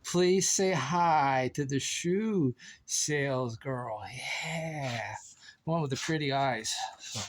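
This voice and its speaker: A man's voice: fairly high pitch, lively intonation, takes it slowly, long pauses, a little hiss or hum. A sleepy, goofy man rambling playfully in a casual vlog, recorded outdoors in his yard on a phone held on a selfie stick. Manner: goofy, playful, sing-song, laughs often. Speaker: vlogger. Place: outdoor yard after mowing.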